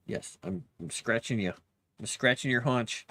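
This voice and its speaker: A man's voice: mid-range voice, expressive, normal speed, gravelly, bright, forceful tone. A man casually chatting while building a fantasy map, muttering to himself and cooing at his cat. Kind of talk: casual livestream chat while working.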